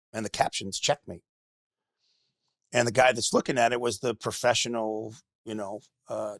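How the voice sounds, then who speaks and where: A middle-aged man with a low, gravelly voice tells his story in halting bursts, repeating words as he restarts. The sound is close and dry with no room around it. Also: fairly bright tone, no echo. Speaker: podcast guest. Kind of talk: candid personal storytelling.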